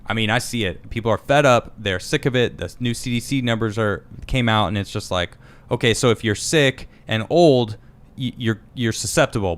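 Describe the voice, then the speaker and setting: Guy reading chat comments on his podcast, quick little reactions, middle pitch. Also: a bit bright. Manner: reads comments aloud, reacts with quick asides. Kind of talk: casual live-stream chat.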